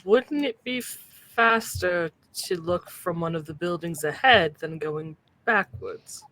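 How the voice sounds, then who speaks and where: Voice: mid-range voice, slow pace, sharp tone, low-quality recording. Player talking tactics. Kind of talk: tabletop game chat.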